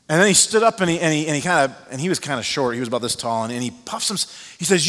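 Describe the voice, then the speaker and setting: Animated storytelling pastor in a reverberant hall. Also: male voice, on the high side, very fast, few pauses. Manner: animated storyteller with frequent fillers. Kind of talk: sermon storytelling. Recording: long reverb of a large hall.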